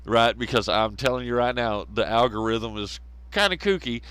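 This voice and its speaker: A man's voice: mid-range voice, moderate pace, a bit bright, clear, resonant tone, dry recording. A man hosting a casual live stream, rambling, laughing often and bantering with viewers in chat.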